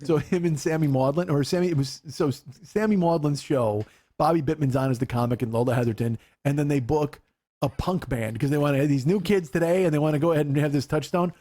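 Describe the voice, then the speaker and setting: A fast, animated man hosts a casual comedy podcast. He comes from Chicago, and his voice sits a little high for a man. He tells stories at full tilt, acts out voices and swears freely. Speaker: podcast host.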